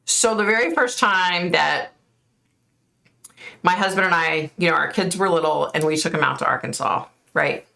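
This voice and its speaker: A middle-aged American woman hosts a psychic live stream, chatting casually as she reads comments, laughing often and thanking viewers by name. Her fairly low voice is gravelly, pushed and bright, at a normal speed. She's overheated and sweating.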